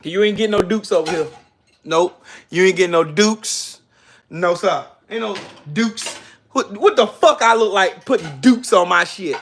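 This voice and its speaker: A man's voice: high voice, lively intonation, measured pace, fairly bright tone, a little hiss or hum. A man hosting a casual cooking livestream, mock-dramatic and wailing, repeating himself and cursing freely.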